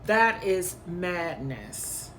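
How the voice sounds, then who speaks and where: A woman's voice: fairly low pitch, big pitch swings, very slow, crowd noise. A woman hosting a commentary channel, reacting to clips in an indignant, emphatic way and repeating her points.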